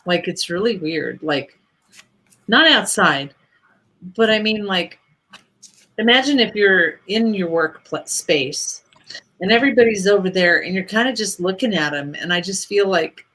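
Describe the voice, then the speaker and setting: A woman's voice: mid-range voice, lively intonation, measured pace, a bit bright. Chatty woman, laughs a lot, casual livestream talk, doing card readings.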